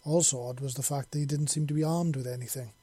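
Guy reading a sci-fi story, husky, flat and steady, dry sound. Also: mid-range voice, fast talker, no room sound. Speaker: audiobook reader. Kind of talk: story narration.

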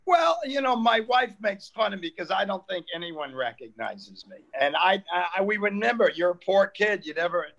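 An older man from New York chats as a guest, his voice bright and lifted a little above the usual male range. He slips in and out of quoted voices as he spins his tales. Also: sits high, moderate pace, gravelly, few pauses, muffled recording. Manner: animated storyteller acting out quoted exchanges. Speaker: comedian guest. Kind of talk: casual storytelling chat.

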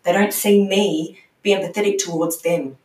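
A woman's voice: fairly low pitch, steady tone, moderate pace, darkish tone. A middle-aged mother and coaching client, reflecting candidly in a podcast conversation, often restarting her sentences. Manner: candid, searching, trailing restarts. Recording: roomy echo, distant from mic.

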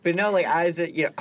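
A man's voice: a little high, a bit bright. A man co-hosting a casual recovery talk, candid and self-deprecating, swearing and laughing easily. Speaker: podcast co-host.

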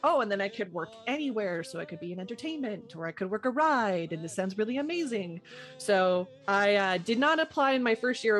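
A woman's voice: mid-range voice, fairly bright tone. Chatty woman podcast host. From Canada. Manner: chatty, self-mocking, acts out quoted voices. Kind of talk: casual chat.

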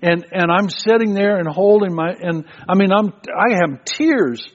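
An older pastor with a high-sitting voice delivers a sermon at a measured pace, telling stories conversationally and repeating words often as he goes. The recording is muffled and lo-fi.

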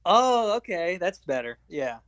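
A man's voice: mid-range voice, normal speed, no room sound. Eager young male film fan. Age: young adult. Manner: eager, fan-like, stumbling over fillers. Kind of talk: casual film chat.

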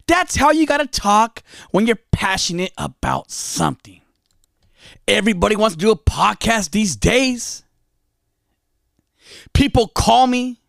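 Gravelly, passionate male podcast host. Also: no room sound, clean studio sound. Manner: passionate and emphatic, swinging between loud bursts and low murmurs. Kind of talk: casual solo podcast talk. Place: podcast studio.

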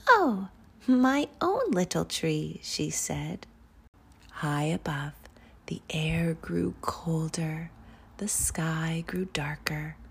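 A woman hosting a children's story channel, reading a picture book aloud in a soft, hushed, soothing way. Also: sits low, vocal fry, husky. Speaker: storyteller host.

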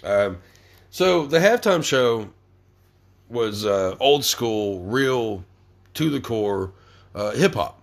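A man's voice: mid-range voice, expressive, slow, creaky, pauses often. A young man hosting a podcast, ranting angrily with constant swearing and stammered restarts. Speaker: podcast host. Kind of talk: profane ranting monologue.

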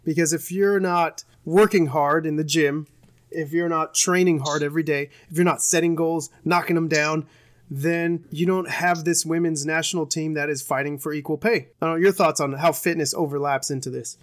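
A man's voice: a little high, steady tone, normal speed, no echo. A man in a casual podcast chat, earnest and a bit speechlike, sprinkled with slang.

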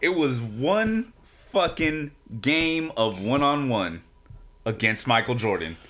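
A man co-hosting a podcast, telling animated, profanity-laced stories in casual chat. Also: medium pitch, slow. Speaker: podcast co-host.

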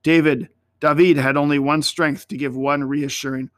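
Man, storyteller, bright and sharp voice, slightly high, dry close recording. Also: dry recording. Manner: measured, expressive storytelling. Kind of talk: reading a story aloud.

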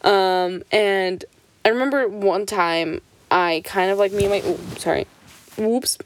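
A woman's voice: mid-range voice, a little hiss or hum. A young woman telling childhood stories in a casual vlog, swearing freely and filling her sentences with "like". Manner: swears freely, heavy on "like" fillers; animated, jumps between quick and drawn-out phrases. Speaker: vlogger. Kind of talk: casual storytelling.

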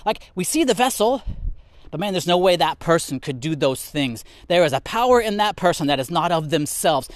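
A man teaching from the Bible in an animated way, a little out of breath as he walks and talks. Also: a little high, normal speed, dry recording. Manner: animated, reads and explains scripture; talks while walking vigorously.

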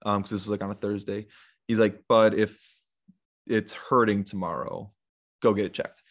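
A man's voice: fairly low pitch, moderate pace. Laid-back young man telling a story. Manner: relaxed, rambling, many fillers and retold quotes. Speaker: podcast guest. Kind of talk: casual storytelling in an interview.

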